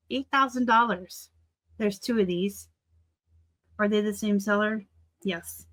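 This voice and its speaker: A woman in her forties hosting a reseller channel, chatting casually and excitably as she looks over sold listings. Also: medium pitch. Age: 40s. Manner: chatty and excitable, gushing over items and teasing seller titles. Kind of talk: casual screen-share commentary.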